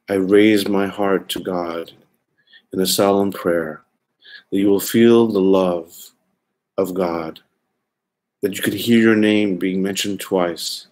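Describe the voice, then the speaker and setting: A man's voice: low voice, darkish tone. A man preaching a sermon lecture, earnest and pleading, often repeating words for emphasis.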